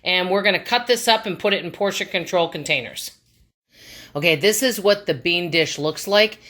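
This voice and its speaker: Chatty woman cooking-vlogger, lowish voice. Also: moderate pace, fairly bright tone. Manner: chatty, encouraging, frugal tips. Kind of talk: casual cooking demonstration. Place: home kitchen.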